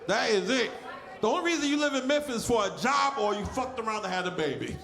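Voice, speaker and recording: A man in his forties with a lisp works a comedy club crowd in a stand-up set. His voice is very high and swings all over, and he is loud and crude, often shouting. The room gives his mic a roomy echo. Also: lively intonation, quick pace. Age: 40s.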